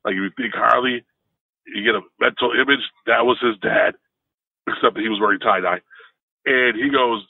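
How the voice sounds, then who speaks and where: A man co-hosting a podcast, telling a story in an animated, casual way. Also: moderate pace, creaky, long pauses, slightly rough, no room sound. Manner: animated, jumps into higher pitch when telling a story. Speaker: podcast co-host. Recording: tinny phone-like dry sound.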